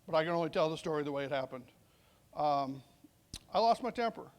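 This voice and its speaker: Addressing a veterans summit, a middle-aged police sergeant with a fairly high voice tells a story in a conversational way, acting out bits of dialogue. His delivery is brisk, with lively intonation.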